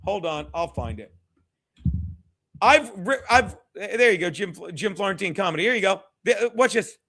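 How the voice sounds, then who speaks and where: A man's voice: high-pitched, expressive, normal speed, pushed and bright. A stand-up comedian, a man, giving a rambling, profane, combative rant as stream commentary.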